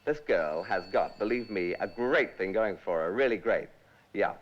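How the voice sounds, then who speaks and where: Slick hustling pop manager, lots of swingin slang, bouncy voice, muffled old movie sound. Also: male voice, lowish voice, expressive, normal speed. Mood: schmoozing. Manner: glib, hustling, full of trendy slang. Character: slick fast-talking male pop music manager.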